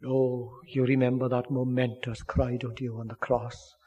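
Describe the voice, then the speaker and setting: A man preaching a sermon with earnest pleading, swinging from loud declarations down to hushed near-whispers. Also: medium pitch, little pitch movement, measured pace, husky, highs cut off.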